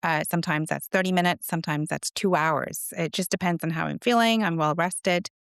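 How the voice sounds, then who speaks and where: A woman's voice: on the low side, a little fast, creaky, smooth, dry recording, studio quality. A middle-aged woman, a guest author, telling stories in an earnest, reflective way during an interview. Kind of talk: conversational interview.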